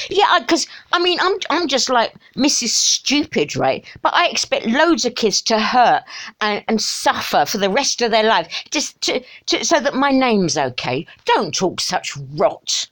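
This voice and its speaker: Woman, middle-aged, emotional rant, exasperated sighs, animated pitch. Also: a little slow. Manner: impassioned and exasperated, with sighs and mocking asides. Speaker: vlogger.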